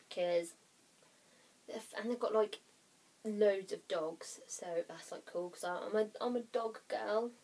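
A woman's voice: medium pitch, darkish tone. A young woman talks into her webcam at home in a loose, rambling way. She giggles, apologizes often and sometimes sinks to a whisper. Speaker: vlogger. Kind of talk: casual chatty vlog.

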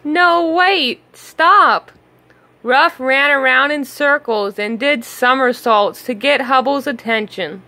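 A woman reading a children's picture book aloud, slow, gentle and expressive. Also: high-pitched. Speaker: storybook reader. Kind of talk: children's read-aloud narration.

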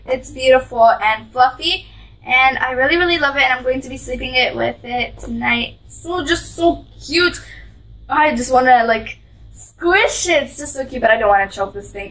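A woman's voice: sits high, pushed and bright, recorded from a distance, rough recording. A female vlogger chatting sweetly through a gift unboxing, gushing over each item as she describes it.

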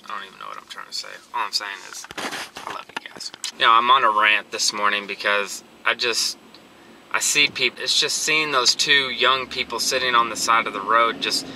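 A man's voice: medium pitch, normal speed, pushed and bright, distant mic. Rambling man vlogging from his car. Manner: rambling, earnest, restarts often. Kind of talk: casual motivational rant. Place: in a car and outdoors. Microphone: handheld camera. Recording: noisy car and street background.

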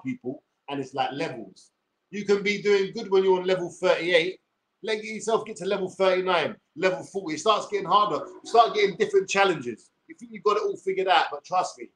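A YouTuber in his forties with a London accent rants combatively on a livestream, swearing and using streetwise slang. His voice is high-pitched with a fairly bright tone.

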